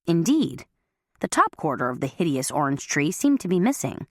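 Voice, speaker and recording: A woman's voice: low-pitched, sing-song, moderate pace, no echo, clean studio sound. A woman reading a first-person audiobook, with a wry, self-mocking manner. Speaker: audiobook narrator.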